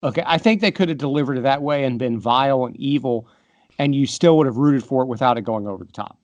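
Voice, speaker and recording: A man's voice: mid-range voice, quick pace, darkish tone, dry recording, lo-fi sound. A middle-aged man co-hosting a podcast, giving firm opinions on a film and backing them with examples. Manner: opinionated, makes points with examples. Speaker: podcast co-host. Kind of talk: casual movie discussion.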